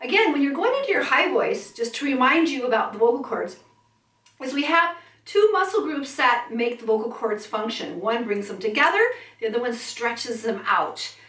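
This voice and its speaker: A woman's voice: a little high, sing-song, normal speed, a bit bright, roomy sound, far from the mic. A woman vocal coach teaching a singing lesson, breaking into siren sounds and sung notes to demonstrate.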